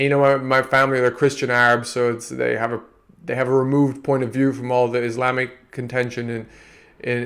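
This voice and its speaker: A man's voice: medium pitch, gravelly, fairly bright tone. A man from Antigua with an American-tinged accent, talking through his ideas in a meandering, reflective podcast monologue. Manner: meandering, restarts often. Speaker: podcast host.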